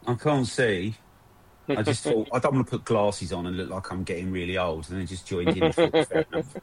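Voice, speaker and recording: A man's voice: sits low, lively intonation, brisk, slightly rough. A man chatting casually on a podcast, teasing his friends with plenty of swearing. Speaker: podcast guest. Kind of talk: casual chat.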